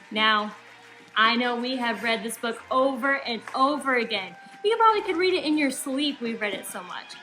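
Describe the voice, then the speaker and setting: A woman's voice: on the high side, expressive, moderate pace, bright, forceful tone, faint music behind, low-quality recording. A young woman teacher giving upbeat, encouraging instructions to young children in a recorded remote lesson. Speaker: elementary school teacher.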